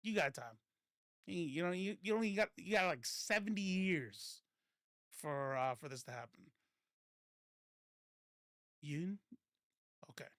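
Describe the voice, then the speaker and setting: A man's voice: high voice, lively intonation, unhurried, pauses often, a bit bright, dry recording, studio quality. A man hosting a casual political commentary livestream, rambling and self-correcting, laughing often and swearing freely.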